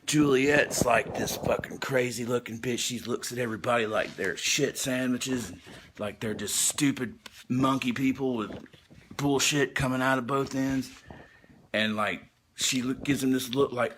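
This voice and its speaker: A man's voice: mid-range voice, a little slow, fairly bright tone, a little hiss or hum. A man telling a rambling, profane comic recap in a laid-back way, with laughing asides. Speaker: storyteller.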